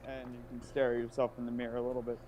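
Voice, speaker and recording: A man co-hosting a livestream, talking in a halting way with many fillers. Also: mid-range voice, monotone, darkish tone, dull audio, slight background noise. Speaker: co-host of the stream. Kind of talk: casual livestream chat.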